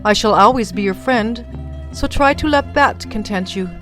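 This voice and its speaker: A woman's voice: a little high, normal speed, music in the background, close to an everyday voice. Beauty, a woman reading a kind, earnest young woman. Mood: firm. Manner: earnest, firm.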